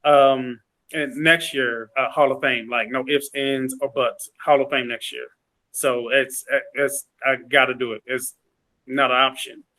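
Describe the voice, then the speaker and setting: Bright-voiced man, humble and determined. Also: medium pitch, little pitch movement, a little slow, rough recording. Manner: humble, determined, with hesitant fillers. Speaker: sales agent, interview guest. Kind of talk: casual conversational interview. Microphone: call audio.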